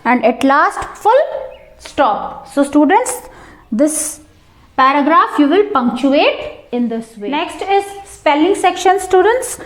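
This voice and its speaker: Slow, high-voiced woman teacher. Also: big pitch swings, reverberant. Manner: slow, explanatory, addresses students repeatedly. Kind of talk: textbook lesson explanation.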